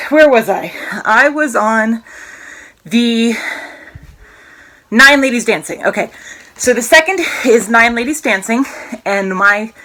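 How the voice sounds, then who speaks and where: Bright-voiced chatty woman vlogger. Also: on the high side, animated, a little slow, long pauses. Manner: rambling, self-interrupting, jokey. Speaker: cross-stitch vlogger. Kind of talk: casual chatty show-and-tell. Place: at home.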